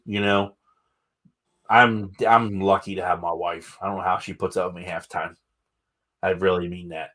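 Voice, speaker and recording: A man's voice: deep voice, level tone, moderate pace, bright, forceful tone. A man hosting a casual interview podcast, talking candidly and rambling with enthusiasm. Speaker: podcast host.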